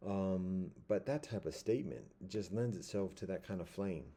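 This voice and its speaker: Low, dark-voiced man rambling. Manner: rambling, halting, many fillers and restarts. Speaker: commentator. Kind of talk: casual commentary monologue.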